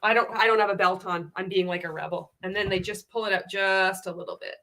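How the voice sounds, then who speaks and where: A woman talks loosely to her live-stream audience, reading out comments and reacting as she goes. She is blunt and swears freely, with quick laughs between her points. Her voice sits at an ordinary middle pitch. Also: steady tone, bright, forceful tone. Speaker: anti-MLM commentator.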